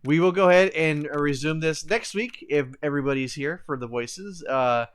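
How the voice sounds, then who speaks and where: A man's voice: a little high, normal speed, clean tone. A man hosting a live game stream, chatting casually and laughing often. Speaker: streamer host. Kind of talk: casual let's-play chat.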